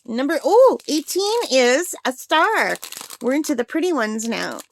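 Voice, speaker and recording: Woman, middle-aged, craft vlogger, casual chat, rambling, laughs a lot, slightly high pitch. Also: very animated, unhurried, gravelly, slight background noise. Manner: rambling, chatty, laughs often. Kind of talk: casual chatty crafting vlog.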